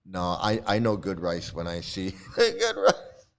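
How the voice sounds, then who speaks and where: A man's voice: low-pitched, huge pitch swings, unhurried, creaky. A middle-aged man hosting a casual commentary, rambling and repeating himself, blunt and swearing. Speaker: channel host and cult critic. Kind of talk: casual commentary on a screen post.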